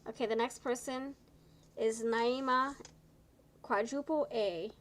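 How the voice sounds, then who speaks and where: Tired lady doing a live tarot stream, kinda high voice, chatty and encouraging, trips over words, faint hiss behind. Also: slow pace, a bit bright, rough recording. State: tired, low energy. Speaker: tarot reader.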